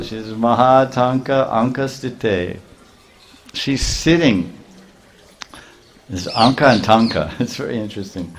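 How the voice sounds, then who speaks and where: A man preaching a sermon, telling a story in an animated way with frequent chuckles and Sanskrit terms. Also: fairly low pitch.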